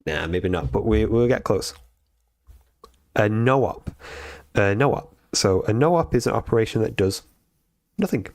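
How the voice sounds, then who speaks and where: A man on a live stream reading programming lessons aloud and thinking out loud as he codes, with frequent ums and restarts. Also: fairly low pitch, animated, a little slow, long pauses, no room sound, clean studio sound. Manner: thinks aloud with many fillers and self-corrections. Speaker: streamer learning to code.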